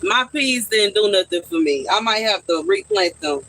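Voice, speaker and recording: A man's voice: high voice, lively intonation, normal speed, pushed and bright, rough recording. A man chatting casually on a live stream from his backyard garden, answering his viewers' questions.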